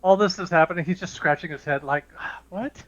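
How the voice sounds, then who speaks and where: A man playing a tabletop game, chatting casually in a quick, animated way. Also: fairly high pitch. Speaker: player. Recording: dull lo-fi mic.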